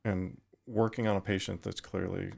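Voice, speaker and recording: Man, middle-aged, very low voice, even intonation, thoughtful and halting, podcast guest. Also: vocal fry. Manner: thoughtful, halting with frequent restarts. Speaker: retired firefighter guest. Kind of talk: reflective podcast interview.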